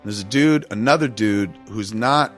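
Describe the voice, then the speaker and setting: A man's voice: on the low side, normal speed, a bit bright, faint music behind. A middle-aged man hosting a podcast, telling a long story in a casual, profane, self-mocking way. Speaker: podcast host.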